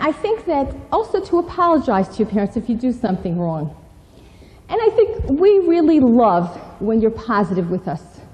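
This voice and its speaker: A woman giving a parenting lecture to teens, lively and instructive, slipping into role-play. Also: on the high side. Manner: animated, warm, instructive. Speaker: parenting speaker. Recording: long reverb in a hall.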